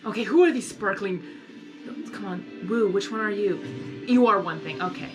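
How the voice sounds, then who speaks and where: A woman's voice: medium pitch, normal speed. A young woman chatting through a live reaction to an episode. She rambles along, fills her talk with "like", and argues with the characters on screen. Faint music sits underneath her. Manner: chatty, lots of "like", talks back to the characters. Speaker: reaction video host. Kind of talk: casual live reaction commentary.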